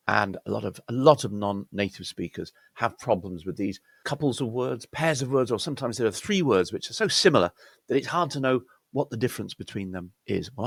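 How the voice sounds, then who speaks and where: Lively, gravelly British accent coach. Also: male voice, mid-range voice, no room sound. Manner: slow, exaggerated demonstrations of words. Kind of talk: pronunciation lesson.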